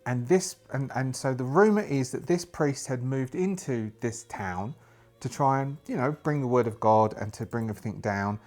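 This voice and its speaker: A man narrates his solo tabletop game, thinking aloud and rambling with frequent restarts. His voice sits at an average pitch for a man. Soft music runs faintly underneath. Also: moderate pace.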